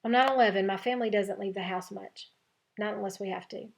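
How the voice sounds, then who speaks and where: A woman voicing a bright, sensitive girl classmate in a chapter book read-aloud, with a slightly gravelly voice. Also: medium pitch, steady tone, fast, natural voice. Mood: tearful.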